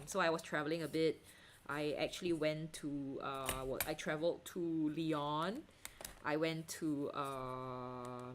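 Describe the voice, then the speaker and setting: Singaporean woman chatting w viewers on a painting livestream, laughs a lot, lots of ums and restarts, lowish voice. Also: slight background noise. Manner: chatty, laughs often, many fillers and restarts. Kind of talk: casual chat while painting, reading viewer comments.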